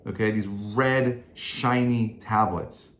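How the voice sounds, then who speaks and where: A male rabbi giving an informal Torah class, chatty and conversational, rising now and then to emphatic, forceful peaks. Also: on the low side, fairly even intonation, takes it slowly, roomy sound, slight background noise.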